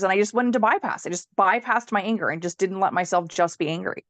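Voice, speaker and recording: A woman guest on a podcast, a healer, telling her own story in a candid, animated way, laughing often and swearing freely. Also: mid-range voice, quick pace, few pauses, no room sound. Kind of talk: casual storytelling in a conversation.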